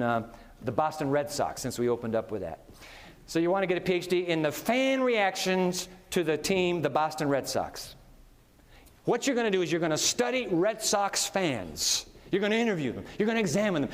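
A man preaching a sermon in a lively, conversational style, chuckling often as he goes. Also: high voice. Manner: animated, conversational, laughs often. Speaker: pastor. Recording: long reverb of a big hall.

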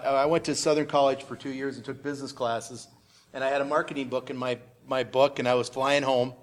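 A middle-aged man telling a business story on a panel, rambling and restarting with many fillers. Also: medium pitch. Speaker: business owner sharing testimony.

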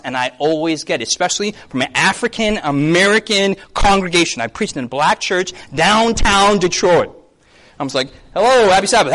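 A man in his thirties preaching a sermon as a pastor, keeps asking the audience yes or no, and acts out quick voices. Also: on the high side, a bit bright. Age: 30s. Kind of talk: lively sermon to a congregation.

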